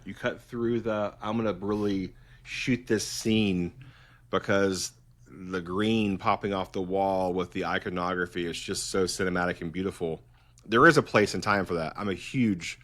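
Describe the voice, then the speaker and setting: A middle-aged man with a fairly low voice talks as a guest in a relaxed interview. He is eager and rambling, and he often stops and restarts his sentences as he goes. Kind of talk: casual interview conversation.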